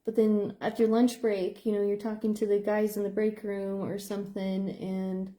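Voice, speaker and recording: A woman's voice: flat delivery, moderate pace, mellow. A middle-aged woman, a psychotherapist, talking in a rambling stream-of-consciousness monologue full of fillers. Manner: rambling, filler-heavy, with playful squeak sound effects. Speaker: psychotherapist and behavior analyst.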